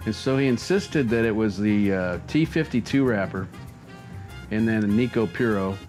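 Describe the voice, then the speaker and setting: A man's voice: lowish voice, normal speed, a little mellow, faint music behind, low-quality recording. A man co-hosting a cigar review show, talking in a casual, playful and teasing way. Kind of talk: casual chat.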